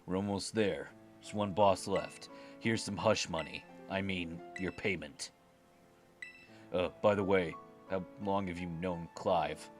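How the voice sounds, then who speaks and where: A man voicing a secretive young female hacker boss, reading the game dialogue aloud in a flat, deadpan way. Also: low-pitched, takes it slowly, faint music behind, voice pushed down.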